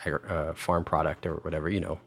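A middle-aged man with a deep, low-pitched voice spins a long anecdote, circling back with fillers and restarts. The sound is dry and close, with no room around him. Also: fast, no echo. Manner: rambling, animated anecdotes with many fillers and restarts. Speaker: wine director telling restaurant stories. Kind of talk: casual podcast storytelling.

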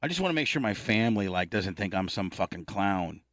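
A man's voice: fairly low pitch, big pitch swings, fairly quick, a bit bright, dry recording, studio quality. Blunt, foul-mouthed man in his fifties. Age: 50s. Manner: blunt, profane, self-deprecating. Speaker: podcast co-host. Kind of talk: casual chat.

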